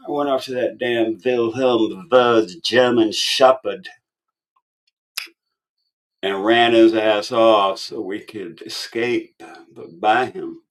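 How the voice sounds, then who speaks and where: A man's voice: fairly low pitch, fairly even intonation, slow. A man hosting his own online show in a casual, rambling chat, tired and cursing freely as he tells stories. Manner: profane, rambling storytelling.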